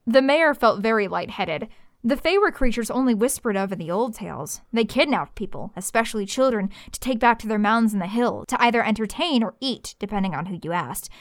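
A woman narrating a story with a lively, expressive reading. Her voice sits a little high. The sound is dry and close to the mic. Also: brisk, dry recording.

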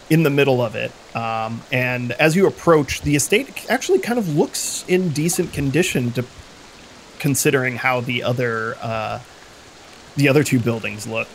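A man narrates a tabletop game as game master at a middling pitch, stumbling through fillers and restarts as he describes the scene. Faint rain falls behind him. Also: a little hiss or hum. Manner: halting, many fillers and restarts.

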